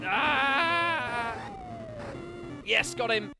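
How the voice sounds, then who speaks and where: A man commentating a video game, excitable and self-mocking, yelling at the enemies. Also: very high voice, very slow. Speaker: let's play commentator. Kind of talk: gaming commentary. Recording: game music behind the voice.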